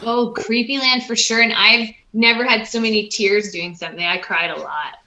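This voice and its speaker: A woman coach, a podcast guest, telling stories in a lively way and acting out what she said. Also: a little high, normal speed, roomy sound, low-quality recording. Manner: lively storyteller, acts out quotes. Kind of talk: casual conversation.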